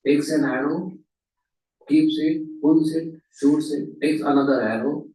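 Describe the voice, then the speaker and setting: A man's voice: fairly high pitch, steady tone, measured pace, dark tone. A man telling a story dramatically as the speaker at a temple class, recorded in a roomy hall from a distance. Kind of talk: storytelling lecture.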